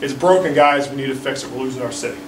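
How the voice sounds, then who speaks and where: A man, a political candidate, gives an indignant, animated speech at a press conference and keeps checking in with the crowd. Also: mid-range voice, quick pace, over loud music. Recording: roomy, distant mic, faint background noise.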